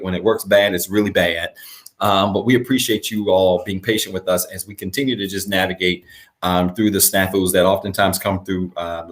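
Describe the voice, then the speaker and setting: A pastor with a lowish male voice speaks to viewers of his church's online broadcast. He talks in an unhurried way and repeats his points, then reads a declaration slowly with pauses so people can say it after him. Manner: unhurried, repeats calls to action; slow, measured reading with pauses for repetition.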